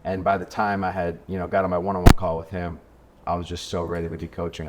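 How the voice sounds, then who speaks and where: A man's voice: low voice, completely flat delivery, heavy background noise. A young man telling his story in casual chat, swearing freely and acting out what others said. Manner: fast, profane storytelling, acts out quotes. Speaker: coach and podcast guest.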